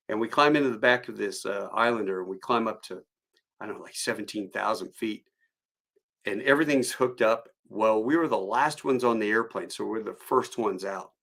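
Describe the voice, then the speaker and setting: Low gravelly man telling tall tales. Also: brisk, fairly bright tone. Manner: rambling anecdotal delivery with chuckles. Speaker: live stream host. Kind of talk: storytelling.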